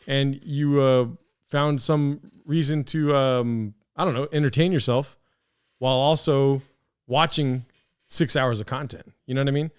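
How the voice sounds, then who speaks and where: A man hosting a long reaction stream, talking in a dry, sarcastic, wandering way. His voice is smooth and clear, pitched in the middle.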